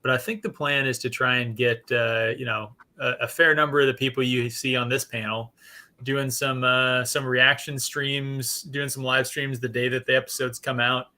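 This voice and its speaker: A man's voice: medium pitch, level tone, moderate pace, sharp tone. A man hosting a casual livestream panel, rambling and repeating words as he reads out viewer messages. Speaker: livestream host. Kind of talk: casual streamed panel chat.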